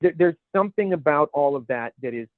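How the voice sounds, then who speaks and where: A man co-hosts a podcast in loose, rambling chat, often stopping to hunt for the right word. His voice sits fairly high. The sound is dry and narrow, like a phone line. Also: animated, a little fast, no echo. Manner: rambling, searching for words. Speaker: podcast co-host. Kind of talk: casual chat.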